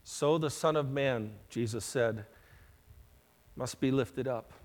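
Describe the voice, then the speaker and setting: A male pastor preaching a sermon, slow and emphatic, with dramatic rises in loudness. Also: mid-range voice. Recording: long hall reverb.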